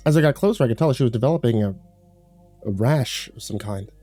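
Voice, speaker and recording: A man narrating a horror story in a measured, grave way. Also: mid-range voice, animated, mellow, dry recording. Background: faint music.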